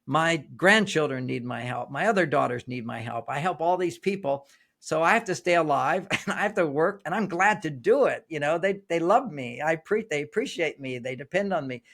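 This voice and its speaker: Older male author guest, higher voice with gravel, storytelling and repeating himself as he explains. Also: animated, normal speed, a bit bright. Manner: storytelling, repeats and restarts phrases. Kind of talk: interview, explaining with anecdotes.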